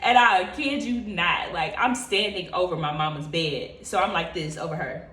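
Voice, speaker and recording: A woman vlogger telling a story in an animated, expressive, profane casual way. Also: on the low side, moderate pace, roomy sound, a little hiss or hum.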